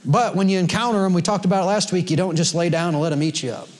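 A high-pitched, fast-talking pastor addresses a congregation in a church sanctuary. The sermon is folksy and peppered with laughter and quotes from scripture.

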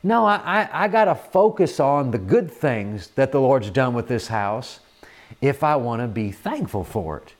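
A man preaching a sermon in an earnest manner, often repeating words and filling pauses with "uh". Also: mid-range voice, sing-song.

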